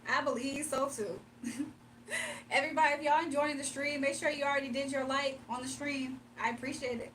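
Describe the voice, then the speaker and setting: A high-pitched woman hosts a laid-back livestream, chatting to viewers and breaking into frequent laughs. She sits a little back from the mic, and a faint hum runs underneath. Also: fairly even intonation, brisk, a bit bright, distant mic. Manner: chatty, laughs often, talks straight to chat. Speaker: livestream host. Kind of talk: casual livestream chat with viewers.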